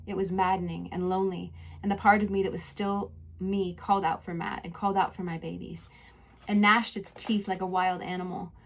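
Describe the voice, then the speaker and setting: A young adult woman hosting a podcast, telling a personal story in a soft, introspective voice that moves between spoken narration and casual chat. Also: on the low side, level tone, fairly quick. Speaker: podcast host.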